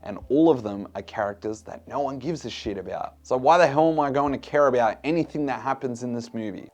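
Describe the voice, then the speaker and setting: Blunt, swearing male film reviewer. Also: medium pitch. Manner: blunt, exasperated, swears freely.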